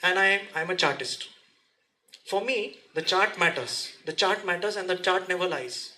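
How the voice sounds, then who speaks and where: A man speaks to a seminar audience in a lively, direct way and keeps firing questions at them. His voice sits high and sounds bright and forceful. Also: normal speed, low-quality recording. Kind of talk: motivational seminar talk. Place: seminar room.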